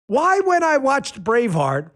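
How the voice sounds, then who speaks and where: Animated, high-pitched male host. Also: unhurried. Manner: animated, sarcastic, mocking impressions. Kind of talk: political commentary monologue.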